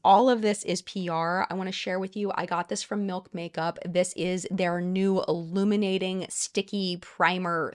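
Gushing excitable woman reviewing makeup. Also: on the low side. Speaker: beauty vlogger. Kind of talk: casual product review.

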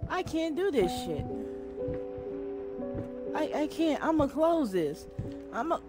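A woman's voice: high-pitched, very animated, slow. A woman streamer playing a horror game, jumpy and frightened, swearing and talking back to the game. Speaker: gaming streamer. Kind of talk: horror game let's play. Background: loud game music.

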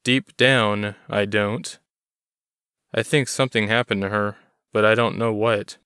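A man voicing a quiet, guarded fourteen-year-old runaway boy who answers briefly. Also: on the low side, little pitch movement, measured pace, smooth, no room sound, studio quality. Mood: wistful.

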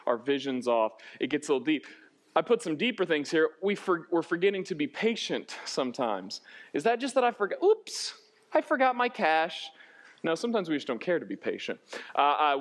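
A young pastor with a notably high, light voice delivers a sermon from the church. He talks loosely and jokes with the congregation, then slows into earnest, serious points. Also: fairly bright tone. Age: young adult. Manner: casual, joking preaching that turns earnest. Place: church sanctuary.

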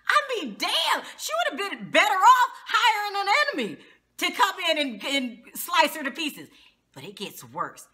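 Give me an outspoken woman reviewing a TV show on her vlog, with a bright, sharp, animated voice. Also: very high-pitched, normal speed. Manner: animated, exclaiming, slangy and outspoken. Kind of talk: casual reality TV recap vlog.

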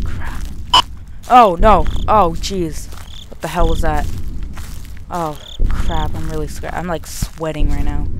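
A young adult gamer giving panicky, muttered commentary while playing a horror game. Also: mid-range voice. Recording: noisy home recording.

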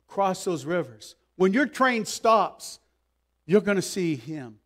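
A man preaching a sermon as pastor, emphatic, swinging between loud pleas and hushed asides. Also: a little high.

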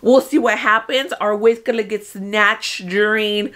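A young woman reacting to an awards show in a casual, chatty, excitable vlog. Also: medium pitch, a little slow. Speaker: movie vlogger.

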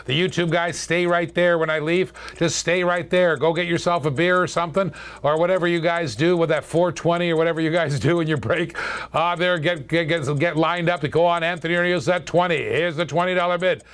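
A man's voice: on the high side, fairly even intonation, a bit bright, smooth. Joking man calling a live auction. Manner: chatty, joking, fast auction calls with laughs. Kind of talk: live-stream auction patter.

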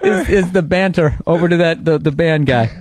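Brief: man hosting comedy radio, teasing, quick to set up bits, a touch high, dry studio sound. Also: darkish tone, no room sound. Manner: teasing, sets up bits, stammering restarts.

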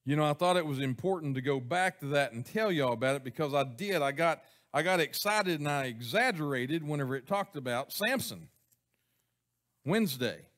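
At a moderate pace, a pastor preaches in his church sanctuary, his voice a little high and a bit bright with lively intonation. He chuckles and keeps things folksy, frequently questioning the congregation.

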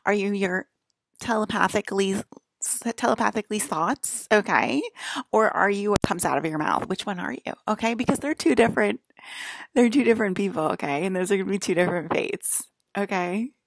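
A woman's voice: mid-range voice, fairly quick, gravelly, dry recording, clean studio sound. A woman talking to her viewers in a long rambling monologue, packing her speech with "like" and laughing often, seated at a table indoors. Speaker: vlogger.

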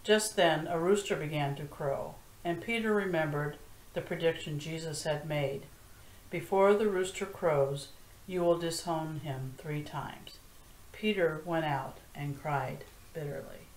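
A woman reading a scripture passage aloud in a measured, even way for a prerecorded church service. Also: deep voice, slight background noise. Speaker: scripture reader. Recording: echoey room.

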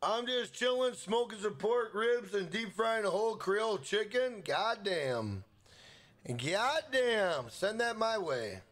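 A man's voice: high voice, animated, moderate pace, hardly any pauses. Hyped, profane young man streamer. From Minnesota. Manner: hyped, profane, shouts out chat members. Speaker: gaming live streamer. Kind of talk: casual live-stream chat.

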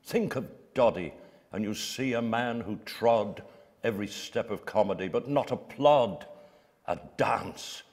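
A man's voice: lowish voice, measured pace, a little mellow. A man reciting a playful rhyming comic poem on stage at an awards event. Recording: live in a reverberant hall with an audience.

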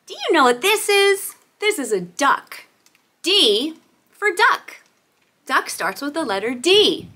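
A woman's voice: high-pitched, sing-song, a little slow, pushed and bright. A woman hosting a toddler learning video, cooing and sounding out letters in an exaggerated, sing-song way. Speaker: children's teacher and host.

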